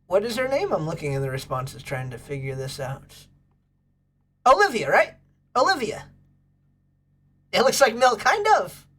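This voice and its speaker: A woman's voice: medium pitch, very animated, moderate pace, pauses often, fairly bright tone, slightly rough. A woman hosting a casual livestream, bubbly and gushing as she chats with viewers. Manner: bubbly, gushes over pets and thanks chat. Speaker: livestream host.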